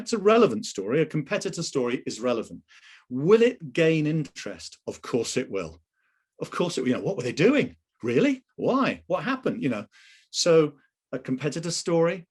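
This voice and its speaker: A man running a live online sales training session over a video call, emphatic and full of rhetorical questions. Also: mid-range voice.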